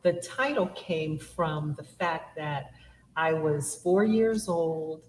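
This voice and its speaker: Low-voiced woman author, unhurried. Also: a little mellow, slight background noise, rough recording. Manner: unhurried, frequent um pauses. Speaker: author and interview guest. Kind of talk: conversational interview.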